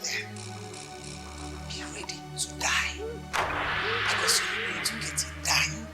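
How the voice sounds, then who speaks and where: A woman's voice: huge pitch swings, slow, exaggerated voice. An actress playing a scheming, domineering queen in a film drama. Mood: furious. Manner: imperious, turns shrill and menacing. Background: film score music.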